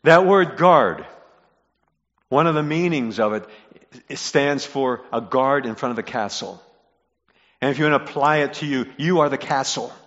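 A man preaching a sermon, moving from quiet, low-voiced reflection to loud, emphatic repetition of key lines. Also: moderate pace, pauses often. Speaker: pastor. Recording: muffled sound in a reverberant hall.

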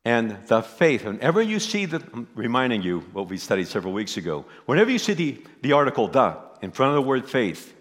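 Male pastor, mid-pitched, emphatic sermon delivery in a reverberant hall. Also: very animated, fairly quick, hardly any pauses. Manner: emphatic, repeats key phrases. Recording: echoey hall.

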